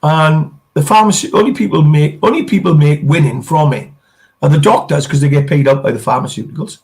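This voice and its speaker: A man's voice: a little high, fairly quick, gravelly, a little mellow. A middle-aged man, chatting bluntly on a live stream and swearing freely. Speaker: co-host. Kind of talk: casual chat on a live stream.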